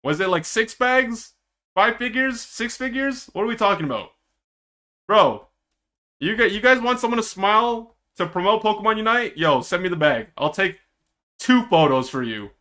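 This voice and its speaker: A man streaming himself reacting to an esports match, excitable and teasing, with drawn-out dramatic groans. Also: high voice. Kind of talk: casual live-stream reaction commentary.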